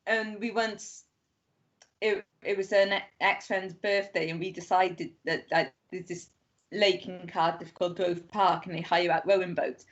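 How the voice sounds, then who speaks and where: Chatty woman, lo-fi sound. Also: fairly low pitch. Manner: rambling storyteller, lots of "like", acts out quotes. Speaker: guest. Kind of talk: casual chat. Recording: dull lo-fi podcast audio.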